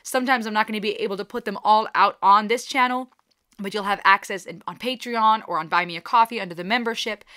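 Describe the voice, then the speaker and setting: Bright-voiced, gushing female reaction host. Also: mid-range voice, fast. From Germany. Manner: gushing, rambling, stumbles over words. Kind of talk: casual reaction commentary.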